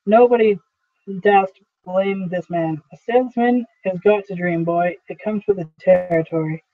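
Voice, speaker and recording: A man's voice: sits high, unhurried, no room sound. A man reading the part of a blunt older male neighbor who speaks earnestly and with emphasis. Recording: tinny phone-like audio.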